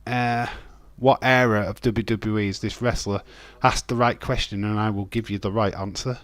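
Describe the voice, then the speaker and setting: A man's voice: lowish voice, steady tone, moderate pace, a bit bright, no room sound. A man hosts a casual wrestling watch-along stream, joking with his chat, reading viewer comments aloud and laughing often. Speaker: livestream host.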